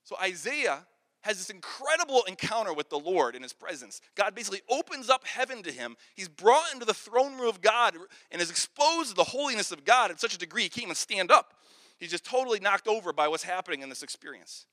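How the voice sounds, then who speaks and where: A man's voice: high voice, big pitch swings, fairly quick, pushed and bright. A man preaching a sermon in an earnest, storytelling way, repeating words when he gets going. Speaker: pastor. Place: large hall with an audience. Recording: long hall reverb.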